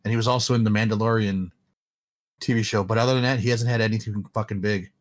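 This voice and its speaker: A man in laid-back podcast conversation, searching for words with fillers and restarts. His voice sits a little low. He keeps the talk loose and rambling. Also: steady tone, fast talker. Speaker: podcast co-host. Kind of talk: casual chat.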